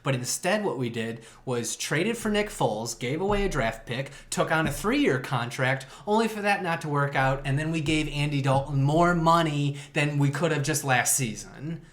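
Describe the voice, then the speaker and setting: A man's voice: on the high side, lively intonation, normal speed, few pauses, fairly bright tone. A man co-hosting a casual podcast, ranting sarcastically and laughing often. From Chicago area. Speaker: podcast co-host. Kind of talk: casual chat.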